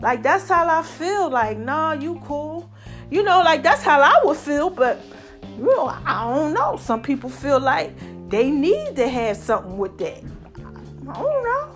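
A woman hosting her own podcast in a casual monologue, chatty and animated, laughing often and calling her listeners y'all and baby. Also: sits high, unhurried, soft background music. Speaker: podcast host.

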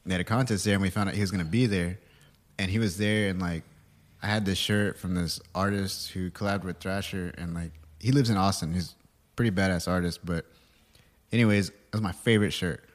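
A young man in casual chat, telling a story and reacting in a relaxed, easygoing way. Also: low voice, fairly quick. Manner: relaxed, chill, reacts with laughs and short replies.

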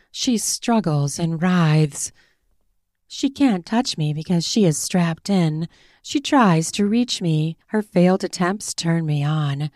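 A woman reads a first-person erotic story slowly and intimately, her pitch sitting low but moving with lively inflection. Each phrase is placed with care. The recording is close and dry. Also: no room sound. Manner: slow, intimate and deliberate. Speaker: author reading her own story.

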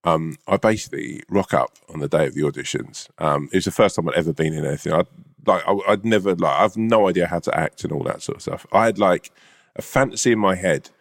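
A man with a very low voice tells a long, rambling anecdote to a friend. He swears freely and keeps it casual, like a comedian chatting on a podcast. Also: brisk, gravelly. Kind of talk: casual storytelling chat.

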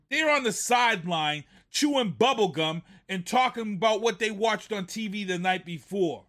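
A man's voice: sits high, animated, measured pace, pushed and bright. A man hosting a sports talk show, ranting in a heated way about a football play and repeating himself. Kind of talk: casual sports commentary.

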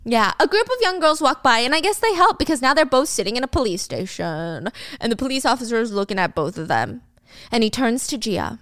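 A woman's voice: on the high side, sing-song, fairly quick, a bit bright, dry recording, clean studio sound. A young woman retelling a drama in a chatty, slangy way with blunt asides. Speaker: storyteller recapping a drama. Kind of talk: casual story recap.

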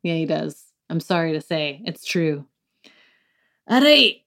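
A woman's voice: sits low, level tone, moderate pace, darkish tone. A woman hosting a podcast in casual chat, blunt and profane, with many fillers. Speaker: podcast host.

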